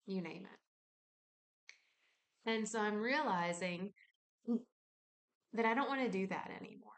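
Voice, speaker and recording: Woman, personal vlog from her home kitchen, candid and musing, acts out her inner dialogue. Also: medium pitch. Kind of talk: reflective personal vlog talk.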